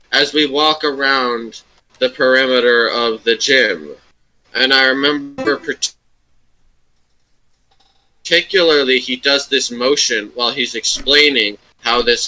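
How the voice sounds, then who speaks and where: A man's voice: medium pitch, pushed and bright, poor audio. A young man telling a rambling, profane story as a guest in a casual podcast chat.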